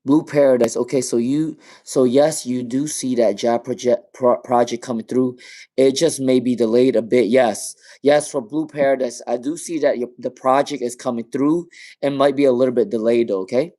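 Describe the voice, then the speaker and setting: Casual male tarot reader on a live stream. Mid pitch, loose and repetitive, reads names straight off the chat. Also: steady tone, moderate pace, warm tone. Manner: casual, repeats names and questions, laughs often while reading chat.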